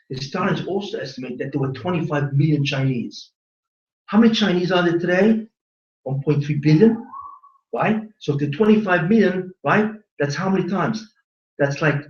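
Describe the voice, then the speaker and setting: Fiery high-voiced man lecturing in echoey hall. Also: moderate pace, a little mellow. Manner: fiery, rhetorical questions, emphatic. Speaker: rabbi giving a lecture. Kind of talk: impassioned religious lecture. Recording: echoey hall, distant dull mic.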